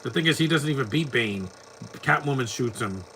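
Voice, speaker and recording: A man talks along with a film in a loose, mocking way and laughs often at what he sees. His voice is bright and forceful. A faint murmur of background sound sits under his speech. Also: medium pitch, expressive, normal speed, a little hiss or hum. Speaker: movie commentator. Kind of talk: casual live movie commentary.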